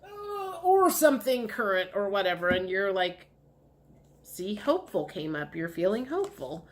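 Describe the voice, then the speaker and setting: A woman's voice: medium pitch, big pitch swings, normal speed. A woman giving a casual tarot reading to her viewers, chatty and repetitive, sometimes acting out what the listener might say. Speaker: tarot reader.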